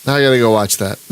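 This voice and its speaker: A man of average pitch chats through a live gameplay stream, rambling and cutting himself off mid-sentence. He chuckles often and talks in a loose, casual way. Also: slight background noise. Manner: rambling, self-interrupting, chuckling. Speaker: gaming channel host.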